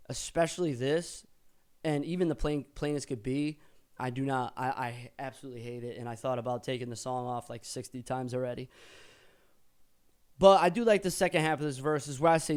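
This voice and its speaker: Smooth-voiced man casually breaking down lyrics. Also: on the high side. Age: older than he was. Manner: casual, profane, thinks aloud and corrects himself. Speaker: rapper breaking down his own lyrics. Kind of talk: casual explanation with rapped excerpts.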